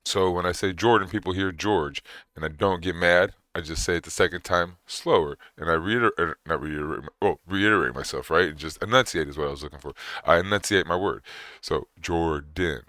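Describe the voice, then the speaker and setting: A man with a very deep voice whose words mush together, rambling through casual reaction commentary and acting out little exchanges. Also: a little fast, bright, forceful tone, dry recording, clean studio sound. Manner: rambling, conversational, acts out quoted exchanges.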